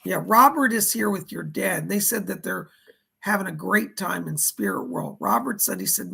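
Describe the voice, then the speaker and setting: A middle-aged man giving live psychic readings, with a hoarse voice that is going and a chatty manner as he reads out viewer donations and questions. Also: high-pitched, very animated, normal speed, pushed and bright. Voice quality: gravelly. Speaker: psychic medium.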